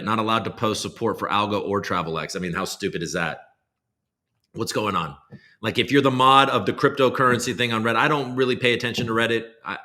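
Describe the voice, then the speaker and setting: Bright-voiced casual male streamer. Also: lowish voice. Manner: rambling, self-deprecating, swears casually. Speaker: livestream host. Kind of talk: casual livestream chat.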